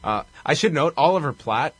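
A man's voice: on the high side, lively intonation, moderate pace, slightly rough, dry recording. A man co-hosting a casual podcast, wryly recapping a wrestling movie with profanity and laughter. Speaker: podcast co-host.

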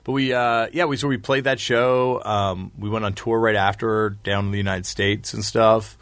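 A man's voice: fairly low pitch, fairly even intonation, normal speed, a bit bright, dry recording. A man in casual chat, telling long rambling anecdotes and laughing often. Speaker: podcast guest, musician.

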